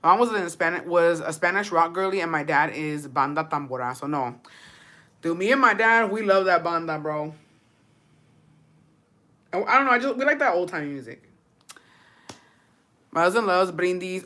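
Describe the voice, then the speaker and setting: A woman's voice: on the low side, lively intonation, moderate pace, long pauses, fairly bright tone. A woman streamer from Texas chatting casually with viewers, switching between English and Spanish, swearing freely. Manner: bilingual code-switching, profane, chatty. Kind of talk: casual chat.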